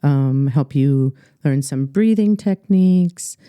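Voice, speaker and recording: Middle-aged Upper Midwest woman coach, earnest, halting delivery, very dark tone, dry close mic. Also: deep voice, clear, resonant tone, no room sound. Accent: Upper Midwest American. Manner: earnest, halting, many fillers and restarts. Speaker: guest life coach. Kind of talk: podcast interview, personal story.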